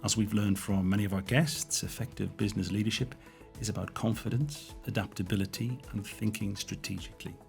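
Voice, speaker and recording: A man hosting a business podcast, asking questions in a chatty, animated way and reading sponsor breaks. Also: fairly low pitch, fairly quick, creaky, soft background music. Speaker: podcast host.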